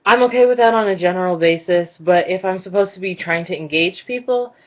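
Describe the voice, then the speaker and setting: A woman vlogger ranting in a casual, blunt and exasperated way, her voice mostly monotone. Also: on the low side, fairly quick. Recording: dull lo-fi recording.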